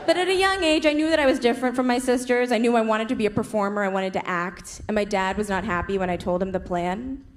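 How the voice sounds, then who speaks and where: A young woman performing a stand-up comedy set on a club stage, punchy and quick. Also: mid-range voice. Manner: punchy, quick impressions of her parents. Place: comedy club stage before a laughing crowd. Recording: noisy live club recording.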